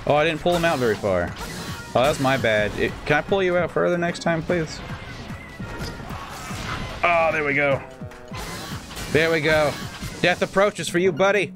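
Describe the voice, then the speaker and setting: A man giving casual gameplay commentary as a let's play host, joking in rambling asides and breaking into sudden excited outbursts. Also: a little high, normal speed, pauses often, over music.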